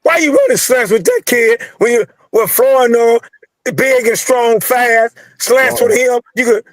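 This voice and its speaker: A man's voice: very high-pitched, lively intonation, unhurried, dry recording. A man calling in to a sports talk show, ranting angrily and repetitively in slangy speech about his team. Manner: fired-up, angry, repetitive, slangy. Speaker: caller ranting about football. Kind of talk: heated sports call-in rant.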